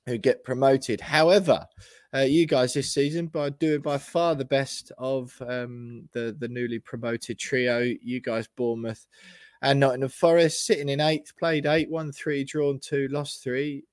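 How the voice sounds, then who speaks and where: A man's voice: mid-range voice, fairly even intonation, a little slow, no room sound. A man hosting a casual football podcast, chatty and upbeat as he leads the talk. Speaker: podcast host.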